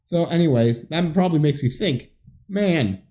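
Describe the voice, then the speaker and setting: A man's voice: on the high side, animated, normal speed, warm tone. A young man co-hosting a podcast, recapping a movie in laid-back, dry casual chat. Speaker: podcast co-host.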